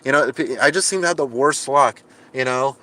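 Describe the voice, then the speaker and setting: A man's voice: medium pitch, moderate pace, bright, forceful tone. A man talks into his camera from inside a car, answering chat comments in a loose, rambling way. He sounds frustrated and self-mocking, breaking off his sentences and starting them again. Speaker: live streamer reading chat comments. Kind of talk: casual livestream chat.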